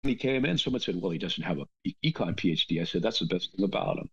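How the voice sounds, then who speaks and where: A man talking in a casual, animated rant, with lots of restarts and asides. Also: deep voice, fast, husky. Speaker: podcast guest. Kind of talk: casual ranting conversation. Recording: dull lo-fi sound.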